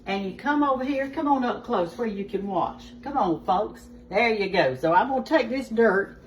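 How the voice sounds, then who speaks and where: A woman's voice: fairly high pitch, animated, normal speed. Folksy Southern woman cooking, roomy sound. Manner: folksy, chatty, talks straight to viewers. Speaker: cooking show host. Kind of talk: casual cooking demonstration. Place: home kitchen. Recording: roomy, distant mic, faint background noise.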